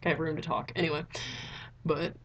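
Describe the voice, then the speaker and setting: A young woman chatting casually in a rambling vlog review, filling her talk with "like" and jumping up in pitch when excited. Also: a little fast, vocal fry, muffled recording, a little hiss or hum. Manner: chatty, rambling, heavy use of "like". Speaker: vlogger. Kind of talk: casual movie review chat.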